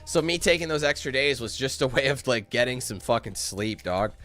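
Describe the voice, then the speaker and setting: A worn-out man talking straight to his stream audience, loose and rambling, with plenty of swearing. His voice is bright and forceful. Faint music plays under him. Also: medium pitch, expressive, brisk. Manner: candid, rambling, swears a lot. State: tired. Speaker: YouTube streamer. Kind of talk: casual stream chat to viewers.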